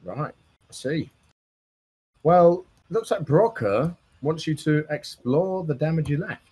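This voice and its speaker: A man playing a husky, dry mead maker. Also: on the high side, expressive, slow, dark tone, exaggerated voice. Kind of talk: game role-play.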